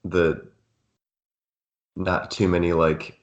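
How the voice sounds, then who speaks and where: A man with a very low voice chatting about a game with his co-host. He speaks slowly and sounds relaxed, often just adding short reactions. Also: muffled recording. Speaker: podcast co-host. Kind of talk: casual game recap chat.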